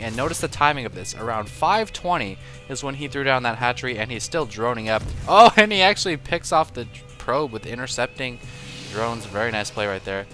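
Bright-voiced joking game commentator man. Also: mid-range voice. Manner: joking, self-deprecating, rambling asides. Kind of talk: casual esports commentary.

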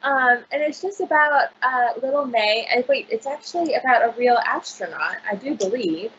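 A woman's voice: on the high side, expressive, normal speed, a bit bright, lo-fi sound, a little hiss or hum. A woman librarian chatting casually on a video call, gushing about picture books with lots of fillers. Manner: bubbly, gushing, filler-heavy.

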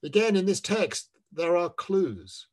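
A man talking about his book in an online discussion, measured and emphatic, leaning on words when he lists them. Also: high voice, very animated, darkish tone. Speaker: author in a book talk.

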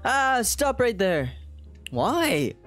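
A man's voice: very high-pitched, sing-song, very slow, music in the background, voice pushed up, full character voice. A man voicing a jittery, overprotective island creature who guards tiny shells, reading game dialogue aloud in an alarmed, huffy way. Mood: fussy alarm.

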